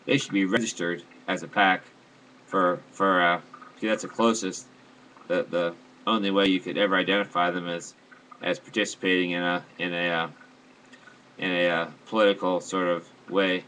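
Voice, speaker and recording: A man rambling to his viewers in a halting monologue, full of fillers and restarts, airing grand complaints earnestly. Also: low-pitched, flat delivery, pushed and bright, slight background noise, rough recording. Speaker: vlogger.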